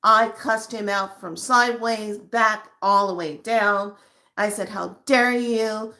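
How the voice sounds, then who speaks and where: A middle-aged woman vlogger telling a personal story to her viewers in an animated, emotional way. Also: mid-range voice, slow. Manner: emotional, animated retelling with acted quotes. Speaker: spiritual vlogger.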